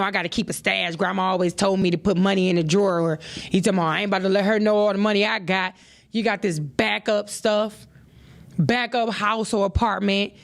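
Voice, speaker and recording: A woman's voice: mid-range voice, gravelly, background noise. A woman hosting a podcast who gives relationship advice in a casual monologue. She talks in a preachy, emphatic way, repeats her points and uses plenty of "you know". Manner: conversational, peppered with "you know". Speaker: podcast host.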